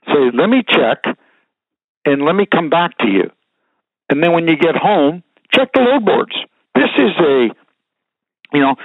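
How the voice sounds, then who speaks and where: A man's voice: fairly high pitch, no room sound. A frank, folksy older man who rambles through trucking advice and old stories, filler words and all. His voice comes through thin and phone-like. The sound is dry, with no room around it. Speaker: guest, trucking business veteran. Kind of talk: casual advice and storytelling.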